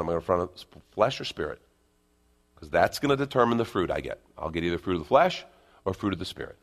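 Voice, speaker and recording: A middle-aged pastor with a fairly low voice preaches to his congregation in a conversational way. He pushes hard on the words that matter, then drops to a soft, near-hushed delivery. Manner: conversational preaching, swinging from loud emphasis to hushed asides. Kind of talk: sermon.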